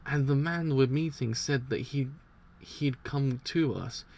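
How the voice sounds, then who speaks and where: A man's voice: medium pitch, takes it slowly, vocal fry, darkish tone, a little hiss or hum. A man voicing a determined young male gang leader, talking urgently and alertly.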